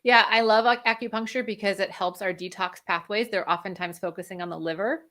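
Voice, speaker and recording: A woman's voice: mid-range voice, fast, a bit bright. A woman working as a functional medicine practitioner, explaining health topics energetically in an interview and laughing often. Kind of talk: interview conversation.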